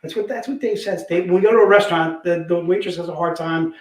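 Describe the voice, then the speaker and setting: A man hosting a live comic book sale, pitching deals in energetic, repetitive, joking hype talk. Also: quick pace. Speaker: host selling comic books. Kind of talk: live online sales pitch. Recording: echoey room.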